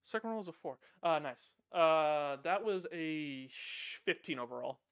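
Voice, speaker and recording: A man with a bright, clear, slightly higher voice, casually narrating his character's moves in a tabletop game. He swears freely and talks loosely as a player. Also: lively intonation, unhurried.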